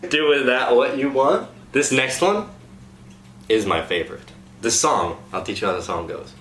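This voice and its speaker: Upbeat male dialect coach at a middle pitch, recorded in an echoey room. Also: lively intonation, a bit bright. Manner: upbeat, demonstrates sounds slowly. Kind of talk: casual dialect lesson. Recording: echoey room, faint noise.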